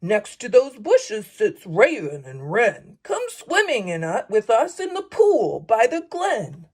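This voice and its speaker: A woman's voice: a little high, huge pitch swings, slow, darkish tone, husky, heavily acted. A woman voicing a friendly, eager bear who calls to a hidden friend and pleads with it to come out. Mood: welcoming. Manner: pleading, repeating questions.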